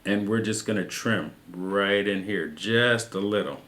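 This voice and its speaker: A man calmly teaching soap carving, talking patiently through each cut as he works. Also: fairly low pitch, a little slow. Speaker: carving instructor. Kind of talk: step-by-step craft tutorial.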